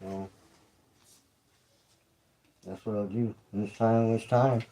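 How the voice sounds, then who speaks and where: A man's voice: on the low side, fairly even intonation, takes it slowly, dark tone, poor audio. A man hosting his own livestream, talking loosely and conversationally, repeating phrases and asking listeners "you feel me?". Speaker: YouTube creator and livestream host. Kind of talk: casual livestream monologue.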